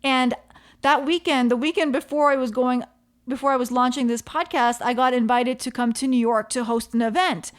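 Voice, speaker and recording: High-voiced woman hosting a podcast. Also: moderate pace. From Canada. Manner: animated storytelling, repeats phrases for emphasis. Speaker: podcast host. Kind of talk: solo podcast monologue.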